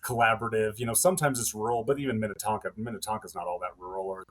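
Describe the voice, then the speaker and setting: A man co-hosting a podcast in relaxed chat, easygoing and thinking aloud as he talks. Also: lowish voice, rapid-fire. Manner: easygoing, laughs along, thinks aloud with fillers. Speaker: podcast co-host. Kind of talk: casual chat.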